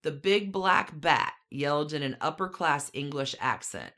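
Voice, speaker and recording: A woman with a low voice tells a story in a relaxed, conversational way. She is a podcast co-host who adds dry asides as she goes. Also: measured pace. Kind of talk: casual storytelling.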